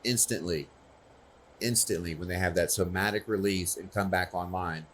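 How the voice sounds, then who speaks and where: A man's voice: low-pitched, moderate pace, fairly bright tone, a little hiss or hum. A man speaking earnestly and personally at a conference, often checking in with the audience. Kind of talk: conversational conference talk.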